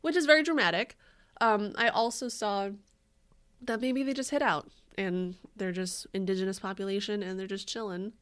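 A woman's voice: medium pitch, steady tone, moderate pace, fairly bright tone. Chatty swearing woman podcaster. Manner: chatty, swearing, laughing often. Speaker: podcast co-host. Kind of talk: casual chat.

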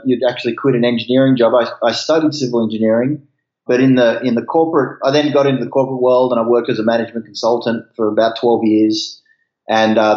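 A man from Australia with an Australian accent, chatting casually as an interview guest. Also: mid-range voice. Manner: relaxed, uses Australian slang. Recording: echoey, muffled remote line.

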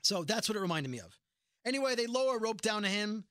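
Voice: medium pitch, quick pace, no room sound, studio quality. A podcast host recapping a TV episode in casual chat, acting out the characters' lines as they go. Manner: animated retelling, acts out quoted lines.

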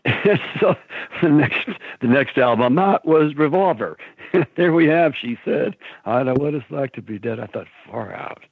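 Husky older man on a tinny phone line. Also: medium pitch, lively intonation, measured pace, no echo. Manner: rambling, laughs often, acts out quotes. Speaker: guest. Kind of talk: casual storytelling.

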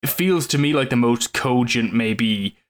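A man's voice: medium pitch, a little slow. A man co-hosting a film podcast, talking in a thoughtful, rambling way with many fillers. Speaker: podcast co-host. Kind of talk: casual film discussion.

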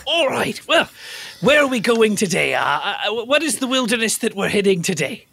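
A man doing a gruff wilderness survival host. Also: high voice, sing-song, extremely slow, pitched above the performer's own voice, full character voice. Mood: hearty. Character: male survival show host, gruff outdoorsman. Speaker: improv comedian.

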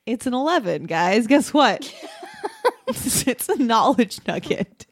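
A woman's voice: fairly high pitch, sing-song, slow, no echo. A woman narrating a comedic tabletop game as game master, playful and giggly.

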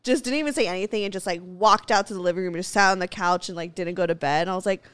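A woman's voice: lowish voice, racing, a bit bright, clean tone, no room sound. A woman co-hosting a casual chat, telling a rambling story with lots of fillers and giggles. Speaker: podcast co-host.

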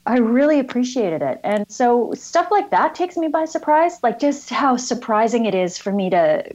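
A woman's voice: a little high, lively intonation, normal speed, a little mellow, highs cut off. A woman comedian chatting over a video call, self-mocking and salty, swearing freely. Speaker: guest comedian. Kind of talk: casual video-call chat.

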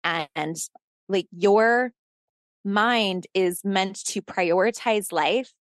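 A woman in her thirties tells a tense personal story in a casual interview, lively and profane, often laughing and acting out shouted lines. Her voice sits in a middle register. The sound is dry and close, with no room around it. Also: medium pitch, very slow, dry recording. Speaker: podcast host telling a personal story as interview guest.

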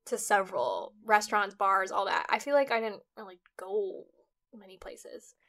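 A woman's voice: mid-range voice, moderate pace, fairly bright tone. A young woman co-hosting a podcast, chatting casually and reacting with frequent laughter. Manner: giggly, reactive listener. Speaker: podcast co-host. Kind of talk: casual chat.

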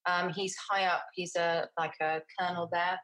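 A woman's voice: on the low side, little pitch movement, normal speed, a bit bright, faint music behind, poor audio. A middle-aged woman from England, talking casually as an interview guest, rambling with many restarts and fillers.

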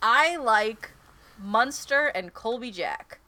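A woman's voice: a little high, animated, slow pace, sharp tone. A woman co-hosting a podcast in casual chat, joking and laughing often at her own show. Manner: laughing often, jokey and self-mocking. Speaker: podcast co-host.

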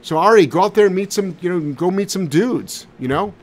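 A man hosting a live question-and-answer show as a dog trainer, answering viewers in a blunt, animated, sometimes profane way. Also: sits high, brisk. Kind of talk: casual live Q&A.

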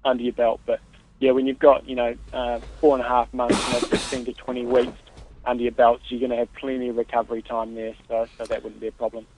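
A man co-hosting a casual podcast as a triathlon coach, patiently giving steady, practical training advice. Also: medium pitch, fast talker, noisy background. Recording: tinny phone-like line, dry.

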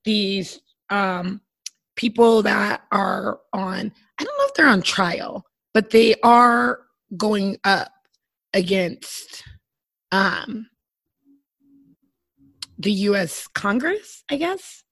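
A woman co-hosting a podcast in casual chat, her voice hoarse and husky, deeper than usual; she rambles loosely and drops to a whisper for asides. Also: very animated, very slow, pauses often, fairly bright tone, no room sound. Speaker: podcast co-host.

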